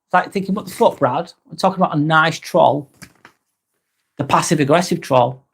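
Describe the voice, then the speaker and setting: A man's voice: on the high side, normal speed, creaky, breathy edge. A man hosting a live vlog, talking casually and reading out viewer comments, with lots of ums and some swearing. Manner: relaxed and chatty, with frequent ums and casual swearing.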